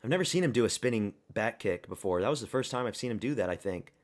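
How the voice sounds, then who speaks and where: Streaming a watch party, a man with a lowish voice reacts live to a fight at a quick pace. He's excitable and profane, and he repeats himself a lot.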